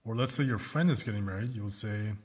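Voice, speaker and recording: A male English teacher giving a recorded lesson, slowing down to model example sentences and often checking in with "right?" and "okay?". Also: fairly low pitch. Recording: reverberant room.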